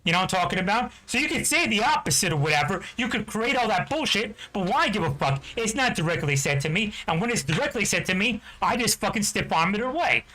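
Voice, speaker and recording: A high-pitched man from New Jersey tears through an angry, profane rant at a rapid clip. His bright, sharp voice presses hard, looping back to the same fillers again and again. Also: low-quality recording. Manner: profane, heated, repeats "you know what I'm talking about". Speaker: game streamer. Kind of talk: angry ranting chat.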